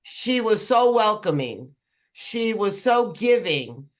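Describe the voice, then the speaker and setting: Audience member at a book talk, middle-pitched voice, thoughtful and slow, says things twice to stress them. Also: sing-song. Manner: reflective, measured, repeats for emphasis. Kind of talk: casual discussion comment.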